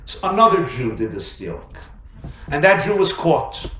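A man giving a storytelling sermon to an audience, animated and joking as he acts out the tales. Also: fairly high pitch, moderate pace, echoey room, slight background noise. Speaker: preacher.

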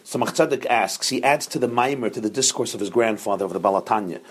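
Husky man teaching a Torah class. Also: fairly low pitch, fast. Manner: explains step by step, often checking with 'right?'.

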